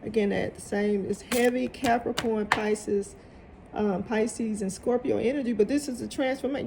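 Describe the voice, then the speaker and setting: A woman's voice: fairly high pitch, steady tone, moderate pace, gravelly, darkish tone, slight background noise. A woman giving a casual tarot reading to viewers, emphatic and motivational, often repeating her phrases. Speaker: tarot reader.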